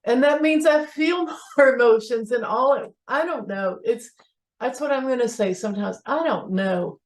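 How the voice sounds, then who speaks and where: A woman talks in an online circle, rambling and searching for her words. Her voice sits a bit on the high side. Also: a little slow. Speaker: participant. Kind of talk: personal share.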